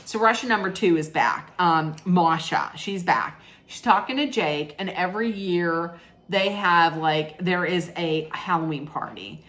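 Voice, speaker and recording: Chatty sarcastic woman recapping reality tv, slow easy pace, laughs a lot. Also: lowish voice, fairly bright tone. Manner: chatty, sarcastic, laughing asides, mimics people she recaps. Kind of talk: casual chat recap.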